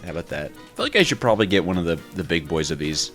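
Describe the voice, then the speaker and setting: An excitable man giving casual let's play commentary, thinking out loud as he plays. His pitch swings widely between low mutters and high yelps, and he keeps breaking into laughs. Faint music plays beneath him. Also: racing, hardly any pauses. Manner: excitable, thinks aloud and talks to himself, often laughs. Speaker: gaming YouTuber.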